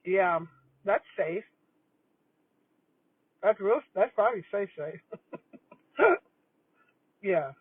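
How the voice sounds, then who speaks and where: A woman's voice: mid-range voice, animated, drawn-out words, long pauses, breathy edge, no echo. Older woman, rambling livestream chat. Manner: rambling, chatty, talks while eating. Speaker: retired school principal vlogger. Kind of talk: casual livestream chat over lunch. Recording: tinny phone-like dry audio.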